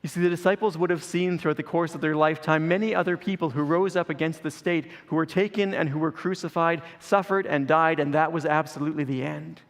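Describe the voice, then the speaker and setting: A man's voice: fairly high pitch, fairly even intonation, fast, few pauses, big-room sound. A man preaching a sermon as pastor, earnest and building through repeated phrases.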